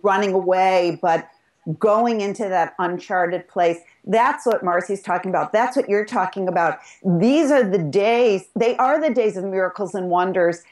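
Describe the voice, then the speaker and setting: Woman, co-host, enthusiastic, thoughtful, casual interview, mid pitch. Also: moderate pace, a little mellow.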